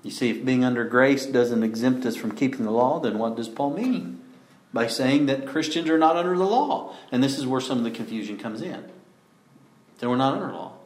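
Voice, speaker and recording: A man preaching a sermon, emphatic, often asking rhetorical questions and slowing down to stress key words. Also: mid-range voice, reverberant.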